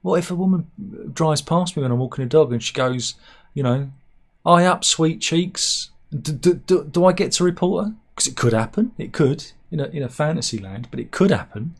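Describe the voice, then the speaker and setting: A man's voice: fairly high pitch, lively intonation, fairly quick, gravelly, a little mellow. A man giving rambling, sarcastic comic commentary on news stories, with mock-serious asides. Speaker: satirical news vlogger.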